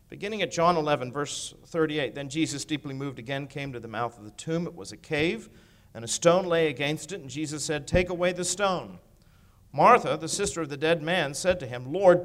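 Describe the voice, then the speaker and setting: A man preaching an expository sermon, emphatic and rising loud on key phrases, often asking his listeners questions. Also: medium pitch.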